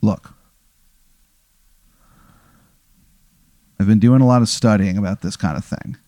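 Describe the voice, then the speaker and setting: Man playing an earnest, lonely trapped guy, mellow and dry, halting. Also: on the low side, no room sound, lightly acted. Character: lonely trapped man, emotional, wheelchair user.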